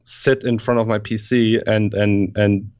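A man with a German accent who is a native German speaker, chatting casually as an interview guest, halting often with fillers, restarts and casual swearing. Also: lowish voice, flat delivery, a little mellow, highs cut off. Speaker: guest CGI artist.

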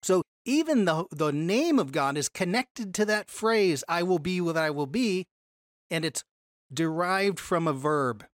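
A Bible study teacher lecturing a class, pitched in the middle of the range. The delivery is explanatory, full of restarts and self-corrections, with key words pushed up in pitch for emphasis. The sound is dry and close. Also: lively intonation, a little slow, no echo.

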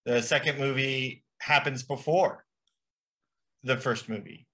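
A man's voice: medium pitch, fairly even intonation, slow, pushed and bright. A young man co-hosting a comedy podcast, explaining nonsense like a mock expert with rambling, filler-laden speech. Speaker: podcast co-host. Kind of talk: improvised comedy podcast chat.

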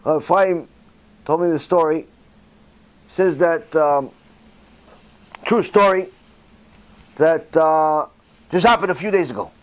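A man, a religious teacher telling a story in an animated way and acting out the dialogue, with frequent "uh" fillers. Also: fairly high pitch, takes it slowly, pauses often. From Israel. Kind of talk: storytelling Torah talk.

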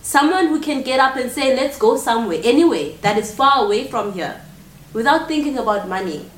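A woman's voice: on the high side, expressive, fairly quick. A woman performing spoken word poetry in an intense, confrontational way. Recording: echoey room from far off with faint ambience.

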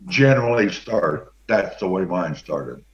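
Older male guest, deep voiced, easygoing anecdote teller. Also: a little slow. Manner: relaxed, rambling, with many fillers. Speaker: guest, former pro football player. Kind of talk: anecdotal storytelling. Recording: dull lo-fi sound.

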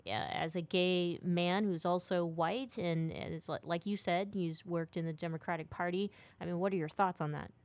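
A woman's voice: on the low side, steady tone, moderate pace, few pauses. A woman hosting a radio interview who asks probing, pointed questions.

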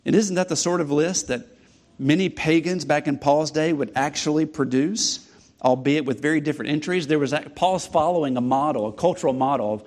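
A man's voice: a little high, fairly quick, darkish tone. A man preaching a sermon, teaching from scripture with emphatic repetition and rhetorical questions. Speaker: pastor.

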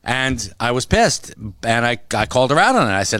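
Brief: male podcast co-host, mid-pitched, dry close sound, animated raconteur who swears freely. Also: brisk, no room sound. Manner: animated storytelling, acts out quotes, swears freely. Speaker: podcast co-host, comic shop worker. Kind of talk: casual chat.

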